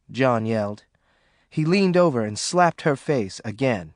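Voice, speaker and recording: A man giving steady, dramatic audiobook narration. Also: mid-range voice, measured pace, no echo, studio quality.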